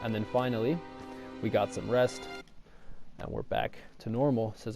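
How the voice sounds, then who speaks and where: A man's voice: lowish voice, steady tone, moderate pace, gravelly. A man giving a casual gameplay walkthrough. He explains each step in a rambling way, full of ums, and raises his voice at times to talk over the game's music. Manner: rambling, filler-heavy explanation with frequent ums. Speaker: game walkthrough guide. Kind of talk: casual gameplay tutorial commentary.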